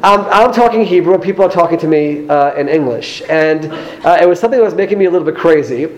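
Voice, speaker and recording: A man's voice: fairly high pitch, animated, fast, poor audio. A man with an American accent giving a speech to an audience as a former member of parliament, telling earnest personal anecdotes with light humor. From United States.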